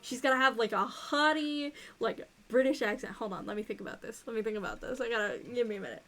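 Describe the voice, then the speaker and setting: A woman's voice: on the high side, fast, bright, forceful tone, a little hiss or hum. Chatty woman streaming a game. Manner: chatty, self-deprecating. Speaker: streamer playing a story game. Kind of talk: casual gameplay commentary and reading.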